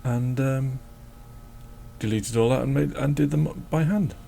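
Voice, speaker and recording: Man, gravelly voice, rambling and jokey, casual drawing chat at home, faint hiss behind. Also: mid-range voice, fairly even intonation, measured pace, warm tone. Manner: rambling, jokey, talks to his dog. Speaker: drawing channel host.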